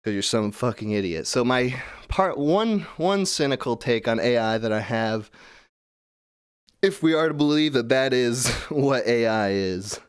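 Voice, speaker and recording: A man hosts a call-in show and rants in a cynical, profane, rambling way. His pitch sits in an everyday middle range. The sound is dry and close, with no room echo. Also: lively intonation, a little slow, clean tone. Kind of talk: casual rant.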